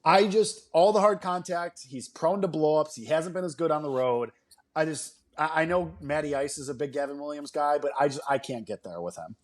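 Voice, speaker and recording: Male co-host, mid pitch, calm matter-of-fact betting analysis. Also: brisk. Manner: relaxed, matter-of-fact bet breakdowns. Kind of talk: casual sports betting podcast chat.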